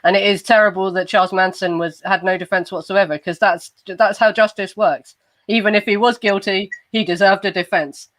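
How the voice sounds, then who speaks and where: An English woman co-hosting a casual true crime chat, animated and laughing easily. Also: medium pitch, brisk, no room sound. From England. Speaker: co-host.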